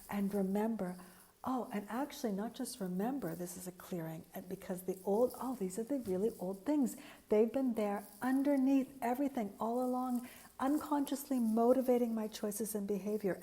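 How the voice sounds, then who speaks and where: A woman's voice: a little high, mellow. A woman giving an earnest, reflective spiritual talk, searching for words with frequent fillers and restarts. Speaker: spiritual teacher.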